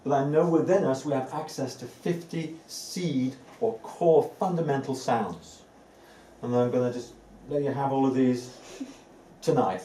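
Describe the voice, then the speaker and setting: A spiritual teacher delivers an earnest evening talk to a live group indoors, repeating words for emphasis with occasional light laughs. His mid-range, dark-toned voice moves a little slowly. Recorded off-mic from a distance, the audio carries room echo and faint ambient noise.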